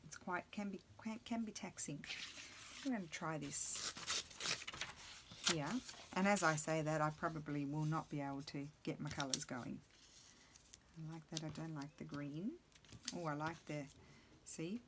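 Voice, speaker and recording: A woman's voice: sits low, fairly even intonation, normal speed, long pauses, very noisy. A middle-aged woman chatting casually and rambling to herself while she crafts at her table. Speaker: crafting video host.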